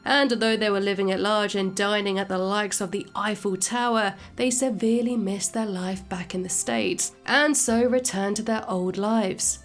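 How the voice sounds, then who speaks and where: A woman host narrating a scripted video in a clear, measured way. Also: mid-range voice, fairly even intonation, faint music behind. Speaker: channel host.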